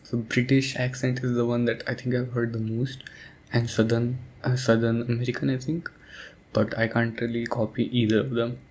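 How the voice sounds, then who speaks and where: Drowsy young man rambling softly. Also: mid-range voice, level tone, moderate pace. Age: young adult. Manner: drowsy, hesitant, soft-spoken with many fillers. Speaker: audio creator. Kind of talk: sleepy rambling talk as a sleep aid.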